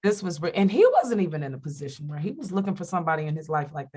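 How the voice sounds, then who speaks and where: She talks rapid-fire with hardly any pauses, her voice on the low side, and a little hiss or hum sits in the audio. The speaker is a middle-aged radio host and comedian, an interview guest talking candidly about faith who animatedly acts out the voices she quotes.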